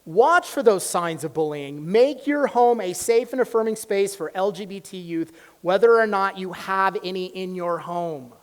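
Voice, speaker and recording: A man, a college professor, giving an impassioned public lecture in a campus hall, swinging from loud exhortation to hushed storytelling. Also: sits high, moderate pace, hardly any pauses, clear, resonant tone.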